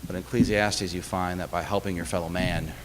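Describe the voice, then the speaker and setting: A man's voice: low-pitched, steady tone, a little fast. A man giving a chapel talk to a college audience, telling stories in a conversational way with fillers and self-deprecating humor. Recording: long hall reverb, faint background noise.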